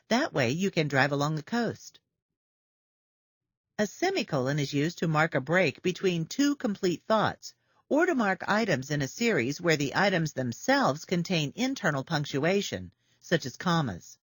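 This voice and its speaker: A man giving a lecture on punctuation, reading example sentences in a clear, deliberate way. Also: fairly high pitch, big pitch swings, fairly bright tone, dry recording, studio quality.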